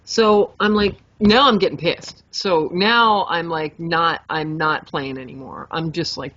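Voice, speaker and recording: A young adult woman co-hosting a podcast, telling a story in a lively, animated way, swearing freely and acting out her own reactions. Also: medium pitch, measured pace. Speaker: podcast co-host. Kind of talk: casual storytelling chat. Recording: dull lo-fi podcast mic.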